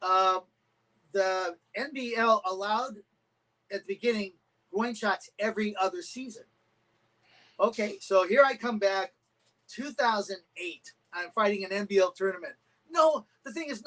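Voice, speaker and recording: A middle-aged man, a karate champion guest, telling animated stories and acting out quotes in a casual interview. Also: sits high, normal speed, low-quality recording. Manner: animated anecdotes with acted-out quotes.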